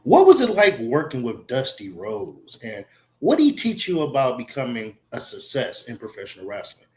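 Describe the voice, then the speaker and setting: A man's voice: mid-range voice, wildly swooping pitch, moderate pace. Enthusiastic man hosting an interview. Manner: enthusiastic fan, asks direct questions. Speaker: host. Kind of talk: interview questions.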